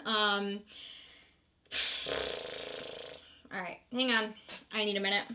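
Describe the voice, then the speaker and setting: Bright-voiced young woman vlogging. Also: medium pitch, little pitch movement, slow pace, pauses often. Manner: candid, emotional, sometimes swearing. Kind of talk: casual Q&A chat to camera.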